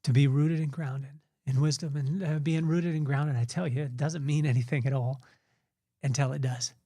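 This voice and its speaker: A man in his forties, a podcast host, talks through a heartfelt personal reflection, halting often with fillers and restarts, his voice tearful. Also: mid-range voice, steady tone, mellow, no echo, clean studio sound. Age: 40s.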